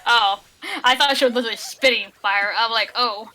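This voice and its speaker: A woman's voice: a little high, brisk, bright, forceful tone. A woman streaming a video game, chatting casually with a co-host and laughing often. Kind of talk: casual let's-play chat. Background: faint game music.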